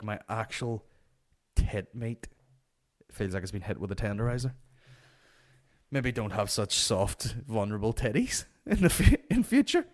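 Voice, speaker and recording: Swearing podcast host. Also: male voice, fairly low pitch. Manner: profane, rambling anecdotes. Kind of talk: comic storytelling.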